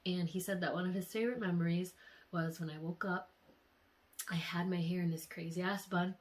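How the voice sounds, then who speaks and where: A young woman vlogger emotionally retelling a dream in a casual, animated way. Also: fairly low pitch, fairly quick. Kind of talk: casual storytelling.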